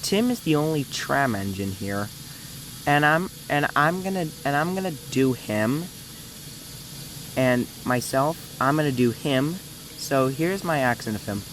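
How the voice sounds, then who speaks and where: A man's voice: medium pitch, lively intonation, a little slow, a bit bright, slight background noise, low-quality recording. A young man hosting a casting call, talking casually in a rambling, hesitant way with many restarts. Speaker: video host running a casting call.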